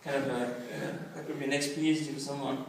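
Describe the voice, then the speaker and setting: A middle-aged man from India doing a stand-up comedy set with self-mocking, deadpan punchlines. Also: mid-range voice, fast talker, crowd noise. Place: large echoey performance hall. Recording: echoey hall, distant, noisy.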